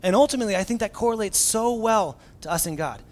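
Higher-voiced man preaching a casual sermon. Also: expressive, quick pace. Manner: casual, self-mocking storytelling with fillers. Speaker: pastor.

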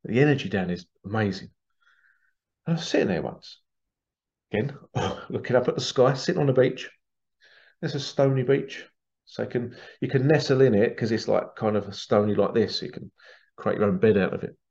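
A man's voice: mid-range voice, expressive, moderate pace, creaky, darkish tone. A man from England telling a rambling, casual story in a monologue, full of restarts and asides. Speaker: spiritual channel host. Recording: dull lo-fi sound.

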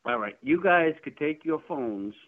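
A man's voice: a little high, lively intonation, a little slow. Indignant man on a tinny phone line. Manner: indignant, sputtering, repeats himself. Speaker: prank call target. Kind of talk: phone complaint. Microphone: telephone.

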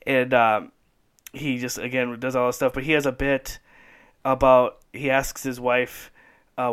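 A man's voice: medium pitch, little pitch movement, unhurried, a bit bright, clean tone. A man hosting a casual podcast chat, rambling enthusiastically and laughing often. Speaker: podcast host.

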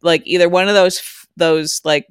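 A woman co-hosting a podcast in casual chat, agreeable and quick to laugh. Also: on the low side, fairly even intonation, clear, resonant tone, no room sound, clean studio sound. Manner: chatty, agreeable, laughs often. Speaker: podcast co-host.

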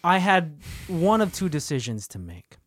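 A man's voice: on the high side, big pitch swings, normal speed. A man co-hosting a casual podcast in a studio, teasing and joking through the banter. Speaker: podcast co-host.

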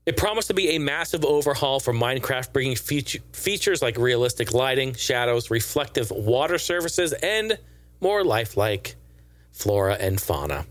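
A man's voice: a little high, very animated, fairly quick, no room sound. A man giving casual, profane and sarcastic gaming news commentary in a rambling way.

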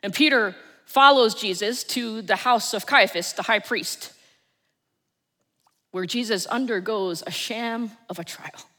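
A woman's voice: on the high side, a little slow. New Jersey woman preaching in reverberant church. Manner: storytelling, dramatic swings in loudness. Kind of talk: sermon.

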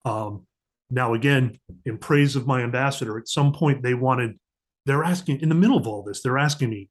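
A man's voice: medium pitch, moderate pace. A middle-aged man, a diplomatic security agent and podcast guest, telling a story in conversation and acting out the voices he quotes, with the odd curse. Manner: animated, acts out quoted voices, profane at times.

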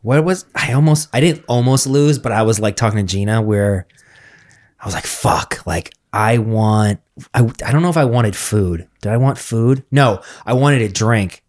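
A man hosting a podcast, telling stories in a loose, profane, animated way. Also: on the low side, moderate pace. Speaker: podcast host. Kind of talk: casual chat.

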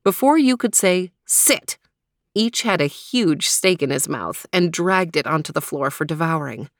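A woman narrating a children's mystery story in a steady storytelling manner. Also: sits low, moderate pace, no room sound, studio quality.

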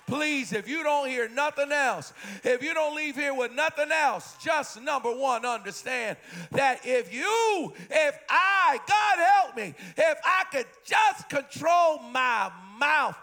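A man in his fifties preaching a sermon in church, impassioned, repeating refrains and rising to shouted peaks. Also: very high voice, animated, takes it slowly. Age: 50s. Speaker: pastor.

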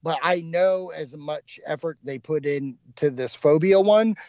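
Man, casual podcast chat, rambling, many fillers, somewhat high voice, dry room. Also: a little slow, a little mellow, no room sound, lo-fi sound. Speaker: podcast co-host.

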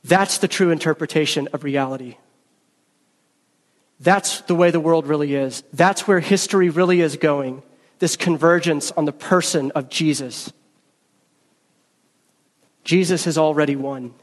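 Earnest preacher with a slightly high voice. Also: male voice, a little slow, pauses often, long reverb tail. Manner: emphatic, earnest preaching with storytelling. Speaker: pastor. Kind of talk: sermon.

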